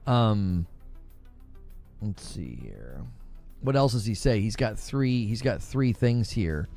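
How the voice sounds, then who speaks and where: A man's voice: lowish voice, sing-song, takes it slowly, mellow, faint music behind. A man talking casually on his own stream, hesitant and full of fillers, heard played back. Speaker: streamer being reacted to.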